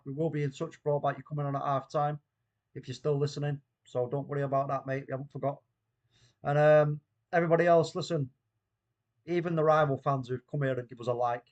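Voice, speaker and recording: A man's voice: mid-range voice, dull audio. A man hosting a casual live watchalong stream, bantering, reading the chat aloud, and laughing often. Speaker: watchalong host.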